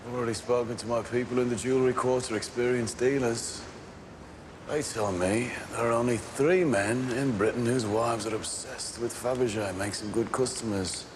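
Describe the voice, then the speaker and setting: An actor playing a cold, controlled gang boss, speaking in a measured, clipped, quietly threatening way. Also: male voice, mid-range voice, fairly even intonation, natural voice. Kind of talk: television drama acting. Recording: noticeable background hiss.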